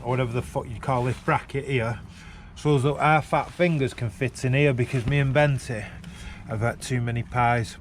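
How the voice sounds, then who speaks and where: Sweary bloke outdoors. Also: male voice, mid-range voice, a little hiss or hum. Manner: blunt, sweary, jokey. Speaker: car vlogger. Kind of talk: casual swearing chat to camera. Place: outdoors beside a car at a roadside. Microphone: handheld camera on gimbal.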